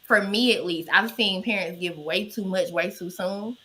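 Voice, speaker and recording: Woman guest host, bright and sharp-toned, expressive and quick to laugh. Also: mid-range voice. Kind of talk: casual chat.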